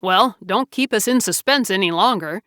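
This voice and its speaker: A woman's voice: mid-range voice, moderate pace, a bit bright, no room sound, studio quality, natural voice. A woman reading the lines of an anxious, shaken husband in an audiobook, with an urgent, unsteady delivery.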